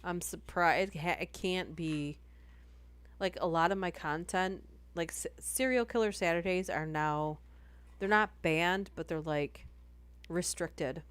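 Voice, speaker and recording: A woman's voice: fairly low pitch, measured pace, clean tone. A woman chatting casually on a live stream between horror story readings. She rambles and interrupts herself as she talks.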